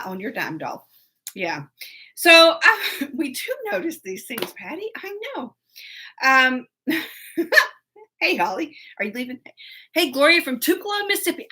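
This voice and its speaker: A woman hosts a live stream in a relaxed, rambling way. She laughs easily and breaks off to greet viewers by name. Her voice is bright and crisp, with a fairly high pitch that swings widely. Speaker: live show host. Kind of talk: casual live-stream chat.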